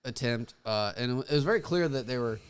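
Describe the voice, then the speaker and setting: A young man with a smooth, resonant voice chats casually as a podcast co-host. He agrees often, answers with quick yeahs, and laughs at his own jokes. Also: mid-range voice, lively intonation. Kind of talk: casual chat.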